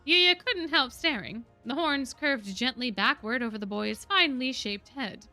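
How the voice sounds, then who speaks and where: A woman reading a novel aloud on a stream, expressive, often dropping her voice for emphasis. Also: unhurried, faint music behind. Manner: expressive, with frequent drops in pitch and volume for emphasis.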